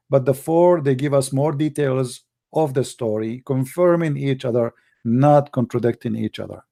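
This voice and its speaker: A man with an Arabic accent, a native Arabic speaker from the Middle East, hosting a live debate show in a mocking, emphatic and forceful way. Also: medium pitch. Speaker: apologetics show host.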